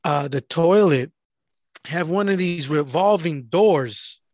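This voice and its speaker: A man's voice: a little high, takes it slowly, dry recording, studio quality. A man telling a profane story in casual chat, acting out the people he quotes. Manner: animated, acts out the people he quotes.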